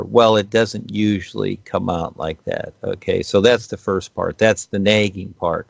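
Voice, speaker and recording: A man's voice: low-pitched, steady tone, takes it slowly, creaky, few pauses, no echo, muffled recording. A man speaking as a guest on spiritual topics, explaining in a rambling way with many fillers and restarts.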